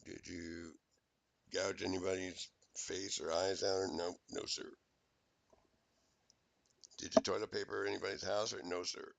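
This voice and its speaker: A man's voice: low-pitched, flat delivery, unhurried, creaky, pauses often, no room sound. A man in a rambling, profane, accusatory recorded rant.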